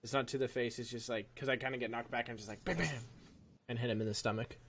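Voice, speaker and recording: A man's voice: medium pitch, steady tone, fast, fairly bright tone, slight background noise. A man playing a tabletop game, describing his moves in a rambling way full of "like" and "um". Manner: rambling, lots of "like" and "um". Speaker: player. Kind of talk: casual tabletop game play.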